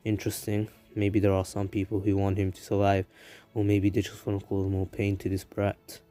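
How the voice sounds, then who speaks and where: A man voicing a scornful fox spirit sealed inside a boy, mocking and insulting him in a slow, low voice. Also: monotone, dark tone, faint music behind, lightly acted. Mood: musing.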